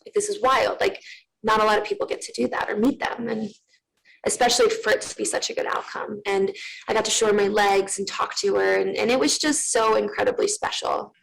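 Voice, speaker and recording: Twenties woman rambling thru her story on a tv interview, creaky gravelly voice, lots of likes. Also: medium pitch, steady tone, a little fast, poor audio. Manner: earnest, rambling with many fillers. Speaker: interview guest.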